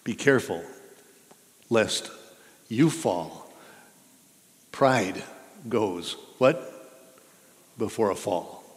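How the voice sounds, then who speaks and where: This pastor's voice sits on the low side, with lively intonation, and he speaks extremely slowly, leaving long pauses. Preaching earnestly and conversationally in a church sanctuary, he questions his listeners. The reverberant hall echoes around him.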